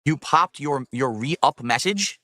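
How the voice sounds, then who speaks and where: A man's voice: mid-range voice, animated, slow pace, bright, forceful tone, dry recording, studio quality. A man answering viewer chat questions on a livestream, matter-of-fact and plain.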